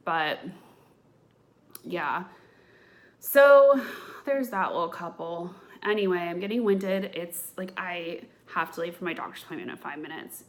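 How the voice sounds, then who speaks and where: A woman's voice: on the low side, unhurried. A woman in her thirties hosting a podcast, rambling through blunt, gossipy chat in a casual rant to camera. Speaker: podcast host.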